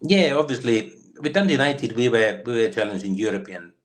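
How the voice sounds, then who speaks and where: A man's voice: medium pitch, expressive, fairly quick. A Finnish man in his fifties, a former footballer, telling rambling stories in an interview with many fillers and restarts. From Finland. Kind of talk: storytelling interview.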